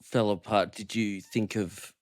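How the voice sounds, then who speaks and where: A low-voiced man hosts a relaxed podcast conversation. He probes gently with follow-up questions, trying to piece the story together. His voice is recorded close and dry. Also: unhurried, dry recording. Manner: inquisitive, gently probing. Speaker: podcast host. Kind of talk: casual interview chat.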